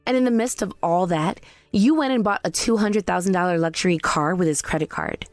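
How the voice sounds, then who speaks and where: A woman voicing a calm, pointed young daughter-in-law in a text-message story drama. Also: fairly low pitch, brisk, no echo, soft background music, close to an everyday voice. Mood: cool. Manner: calm, cutting.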